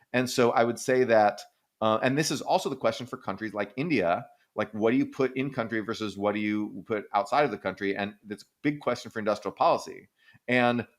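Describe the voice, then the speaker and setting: A man hosting an economics podcast, explaining in casual chat, thinking aloud with frequent restarts and fillers. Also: lowish voice. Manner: animated, breaks into silly quoted voices.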